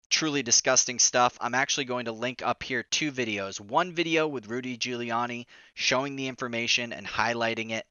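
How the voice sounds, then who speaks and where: A man hosting a political commentary vlog, excitable and indignant, exclaiming often. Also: medium pitch, clean tone, no echo, dull audio.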